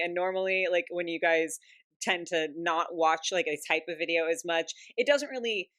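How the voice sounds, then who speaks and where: A woman vlogger chatting casually to camera about her hobby, giddy and breathless with excitement and breaking into giggles. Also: fairly low pitch, normal speed. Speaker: doll collector vlogger.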